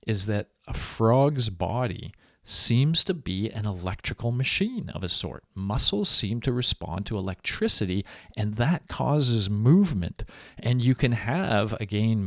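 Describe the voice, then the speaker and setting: A male university lecturer explaining ideas in an animated, conversational way. His voice sits low but moves a lot in pitch. The recording is close and dry. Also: dry recording.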